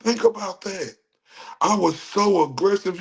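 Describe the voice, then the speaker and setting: Heated, profane man with a high voice. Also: slow pace. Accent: Texan. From Dallas, Texas. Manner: profane, heated, laughing asides. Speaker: livestream host. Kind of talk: heated livestream rant.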